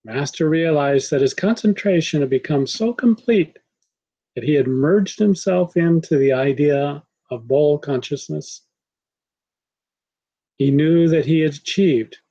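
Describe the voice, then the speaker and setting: A man giving a spiritual talk, calm, measured and devotional. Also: on the high side, breathy edge, muffled recording. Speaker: spiritual teacher. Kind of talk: sermon.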